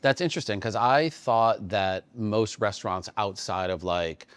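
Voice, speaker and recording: A man's voice: on the low side, unhurried, smooth. A male interviewer asking curious questions and giving short affirming replies.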